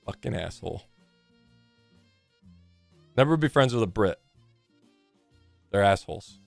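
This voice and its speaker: A man's voice: on the low side, animated, a little slow, vocal fry, long pauses, no room sound, soft background music. A man in his forties chatting casually on a live game stream, rambling and joking with plenty of swearing.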